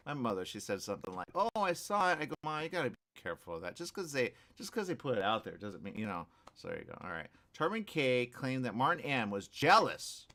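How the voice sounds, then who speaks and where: A man hosting a radio morning show, reading news stories aloud with joking commentary and frequent laughter. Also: medium pitch. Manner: animated, laughing, repeats phrases.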